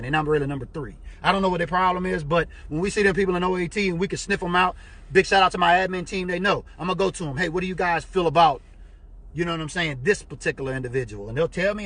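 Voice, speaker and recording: A middle-aged man with a fairly high, husky voice hosts a casual live stream, rambling in a chatty, animated way. He keeps tossing in "you know what I'm saying" while he greets viewers and reads their comments. He sounds from the United States, speaking through a basic stream mic. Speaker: fan group owner and live-stream host. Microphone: computer or phone mic on a live stream.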